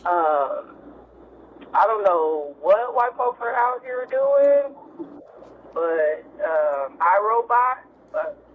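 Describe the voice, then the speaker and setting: A woman teacher leaves a call-in message for a podcast. She is chatty, blunt and exasperated, and her voice swings up and down a lot. The call comes through a tinny phone line with faint hiss. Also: a little high. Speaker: caller, teacher.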